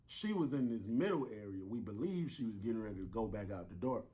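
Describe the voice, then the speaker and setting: Brief: low, husky man recounting a story with animated delivery. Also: fast talker. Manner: acts out voices and sounds.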